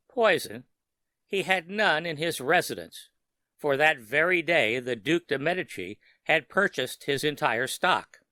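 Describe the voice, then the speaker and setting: A man narrating a scripted horror story for sleep in a steady, measured way. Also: medium pitch, no room sound.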